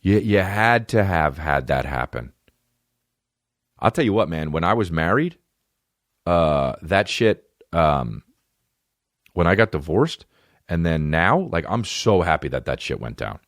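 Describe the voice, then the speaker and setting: A low-voiced man rambles through a comedy podcast, swearing freely and lurching between swooping highs and lows. The sound is dry and close, with little room around him. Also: sing-song, measured pace, long pauses, no echo. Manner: profane, rambling, jumps into goofy voices. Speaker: podcast host. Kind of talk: casual comedic chat.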